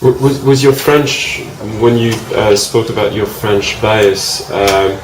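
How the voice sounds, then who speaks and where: A man moderating a symposium, asking questions haltingly with many fillers and restarts. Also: on the low side. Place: large echoey university room. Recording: echoey room, distant mic, faint hiss.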